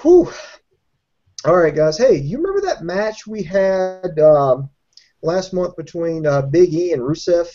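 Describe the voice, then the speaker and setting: A man's voice: fairly high pitch, animated, a little slow, warm tone, lo-fi sound. A man co-hosting a casual wrestling podcast who rambles and swears with sarcastic asides. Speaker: podcast co-host.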